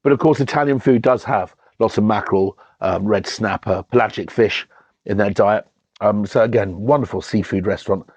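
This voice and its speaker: A man's voice: on the low side, moderate pace, darkish tone, no echo. A man hosts a casual wine tasting, talking enthusiastically with lots of ums and restarts. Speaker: wine reviewer and show host.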